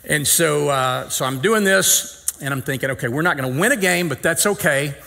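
Preaching at a normal speed, this middle-aged pastor has a slightly high, gravelly, bright voice with a forceful tone. His sermon story is folksy and humorous, with dialogue acted out and self-deprecating jokes.

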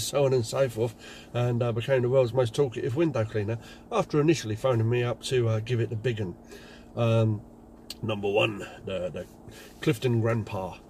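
A man's voice: mid-range voice, a little mellow, a little hiss or hum. A man, a window cleaning business owner, telling anecdotes in a chatty casual vlog. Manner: chatty, anecdotal, many fillers.

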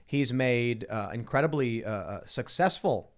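A man hosting a casual studio panel chat, delivering sarcastic deadpan punchlines. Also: medium pitch, a little slow. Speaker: host.

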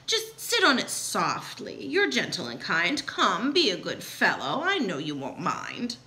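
A woman's voice: medium pitch, wildly swooping pitch, measured pace, bright, forceful tone, pitched below the performer's own voice, full character voice. A woman voicing a lazy female bird who coaxes and pleads in a sing-song voice. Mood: coaxing.

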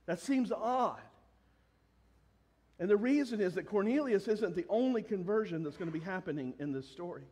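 A man preaching a sermon as pastor, lively, and acting out voices from the story. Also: high voice, moderate pace, slightly rough. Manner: animated, acts out voices in the story. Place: church sanctuary. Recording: long reverb of a church hall.

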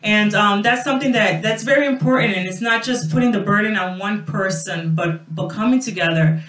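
A woman's voice: medium pitch, a little fast, a bit bright, far from the mic. A woman pastor hosting a radio talk, speaking earnestly and often saying 'praise God'. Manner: earnest, sprinkles 'you know' and 'praise God'. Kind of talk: casual preaching talk. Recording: roomy sound, away from the mic.

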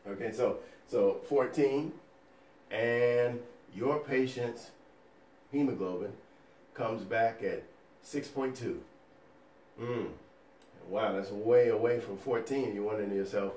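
A male nursing educator teaching a recorded lecture over slides, energetic and folksy, firing rhetorical questions at the listener. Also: mid-range voice, slow, pauses often, roomy sound, recorded from a distance, a little hiss or hum. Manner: folksy and playful.

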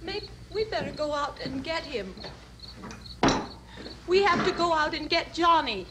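Brief: shaken young woman in an old horror film, high voice, slow halting delivery, loud crickets in the night. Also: lively intonation, very noisy. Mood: hysterical. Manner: halting, dazed recollection rising to sobbing screams. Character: terrified young woman in shock, rambling.

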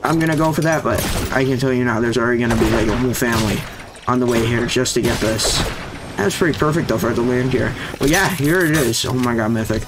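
A young man giving casual, excitable gameplay commentary, jumpy and slangy, with sudden yelps when startled. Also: medium pitch, fast talker, background noise. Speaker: gaming YouTuber. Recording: game music and sound effects behind voice. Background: loud game music.

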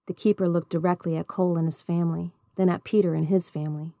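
A woman reading a novel aloud in a measured, even storybook narration. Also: lowish voice, no echo, studio quality. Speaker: audiobook reader.

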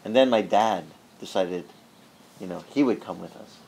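A male pastor telling a story in a sermon, animated and conversational, acting out the people he quotes. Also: low voice, normal speed, gravelly, a little hiss or hum. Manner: conversational with frequent restarts.

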